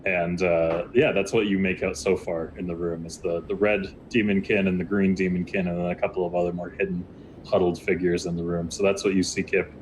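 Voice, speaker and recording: A man with a very low voice runs a tabletop game. He describes scenes in a loose, rambling way, full of restarts. Faint background noise. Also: level tone, brisk, poor audio. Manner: rambling, many fillers and restarts. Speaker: game master.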